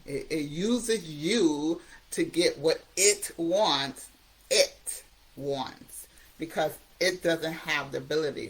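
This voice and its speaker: A woman's voice: sits low, breathy edge, poor audio. Emphatic woman giving a recovery talk. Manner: emphatic, repetitive, conversational. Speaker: recovery coach host.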